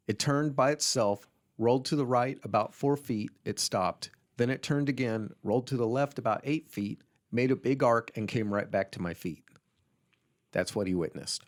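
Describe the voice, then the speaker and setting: A man's voice: mid-range voice, normal speed. A man co-hosting a comedy podcast, casually telling a strange story and reading quotes from his notes while laughing along with friends.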